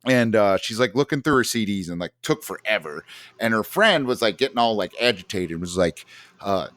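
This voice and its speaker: A man's voice: fairly low pitch, lively intonation, moderate pace, a bit bright. A man telling a long story in casual podcast chat, rambling with many fillers and restarts. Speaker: podcast host.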